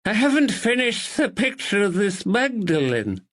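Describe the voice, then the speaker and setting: A man's voice: high voice, big pitch swings, a little slow, fairly bright tone, voice pushed up, full character voice. A man voicing an eager, childlike young man with a strange, muffled voice.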